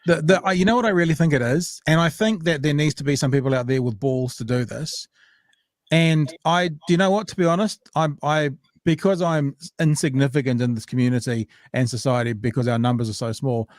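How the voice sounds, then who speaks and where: A man's voice: medium pitch, fairly quick, darkish tone, dry recording, studio quality. A man co-hosting a casual podcast chat, rambling and joking, often breaking off mid-sentence. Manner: rambling, self-interrupting, loose and joking. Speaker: podcast co-host.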